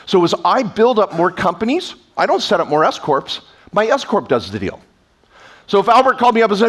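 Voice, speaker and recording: A man speaking as a tax attorney at a live event, energetic and sarcastic, slipping into quoted voices, on a stage microphone. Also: high-pitched, moderate pace. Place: event stage before an audience.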